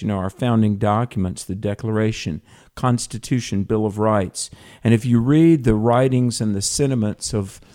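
A man's voice: mid-range voice, darkish tone. Folksy Southern man hosting call-in radio. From Southern United States. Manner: folksy, earnest, with frequent fillers and restarts. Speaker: radio talk show host.

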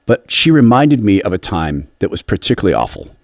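A man's voice: low voice, wildly swooping pitch, fairly quick, creaky, dry recording, clean studio sound. A middle-aged man hosting a devotional radio talk, telling a personal story in an earnest, confessional way. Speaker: radio host.

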